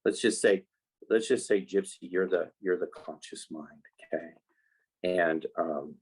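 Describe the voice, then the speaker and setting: A man who is a life skills coach for kids, talking in a casual podcast interview. He explains in an animated way and acts out the voices he quotes. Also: low voice, measured pace, husky, low-quality recording.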